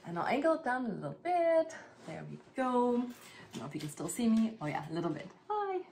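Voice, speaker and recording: A woman's voice: fairly high pitch, big pitch swings, fast, creaky, a little mellow, a little hiss or hum. A woman from East Germany in her thirties, chatting casually to the camera at home while doing plant chores, with lots of fillers and laughter. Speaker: vlogger.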